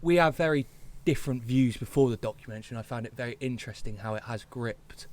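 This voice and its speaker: A man as podcast co-host, chatting casually and teasing his partner with quick laughs. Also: medium pitch, a little mellow. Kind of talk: casual chat.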